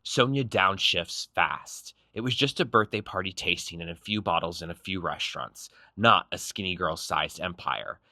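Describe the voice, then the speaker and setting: A man's voice: deep voice, pushed and bright, no echo, soft background music. A man narrating a reality show recap in a snarky, punchy scripted style. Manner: snarky, punchy, quick quips.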